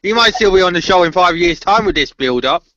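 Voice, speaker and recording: A man's voice: high voice, lively intonation, fast, crowd noise. A man co-hosting a casual fan podcast, teasing and sarcastic. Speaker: podcast co-host. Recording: dry muffled lo-fi sound.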